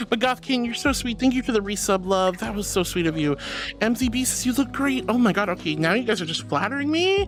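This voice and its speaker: A woman's voice: a little high, big pitch swings, moderate pace, faint music behind. A woman streamer chatting casually and reading viewer comments, calling her viewers honey and darling and laughing often. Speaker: VTuber streamer.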